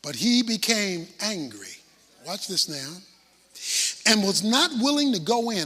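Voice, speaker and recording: High-voiced, husky dramatic preacher. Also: male voice, very animated, unhurried, big-room sound. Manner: dramatic preaching, swings between shouts and hushed asides. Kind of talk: sermon.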